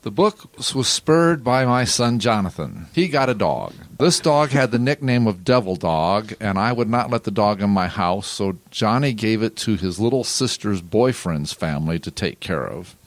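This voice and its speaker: A man's voice: fairly low pitch, animated, moderate pace, hardly any pauses, no echo. An older man, a book author and guest, telling a personal story on a podcast.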